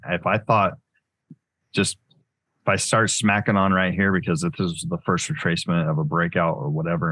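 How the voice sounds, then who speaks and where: A man with a very low, gravelly voice and a husky edge talks through his trades live, thinking aloud and correcting himself as he goes. The sound is close and dry, with no room around it. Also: no room sound, poor audio. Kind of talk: live trading commentary.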